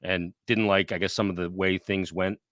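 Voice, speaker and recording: A man co-hosting a podcast, talking sports in a blunt, profane, animated way. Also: low-pitched, moderate pace, no echo, studio quality. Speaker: podcast co-host. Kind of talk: casual sports talk.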